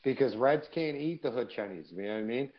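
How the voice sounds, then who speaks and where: A man co-hosting a live podcast, telling profane, animated stories in casual chat. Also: mid-range voice, fast, dull audio. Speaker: podcast co-host.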